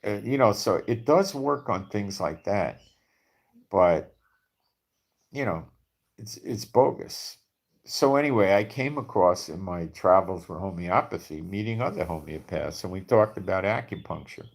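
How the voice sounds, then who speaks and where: A man's voice: low voice, lively intonation, unhurried, gravelly, slightly rough. A man talking casually and bluntly, skeptical, firing off rhetorical questions and checking in with "okay?". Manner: repeats for emphasis with frequent "okay?". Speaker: video commentator. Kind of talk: casual monologue to camera.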